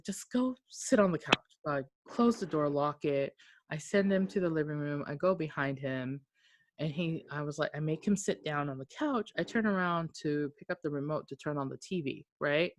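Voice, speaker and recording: A woman with a deep, low-pitched voice tells a long story as a podcast co-host. She talks casually and with energy, swears freely, and acts out what each person said. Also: no room sound. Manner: animated, acts out quoted speech, swears freely.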